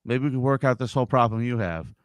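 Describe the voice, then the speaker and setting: A man's voice: medium pitch, animated, fast talker, clean tone, dry recording. A man co-hosting a casual podcast who jokes around and riffs with his friend. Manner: jokey, riffs into funny voices. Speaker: podcast co-host. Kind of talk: casual chat.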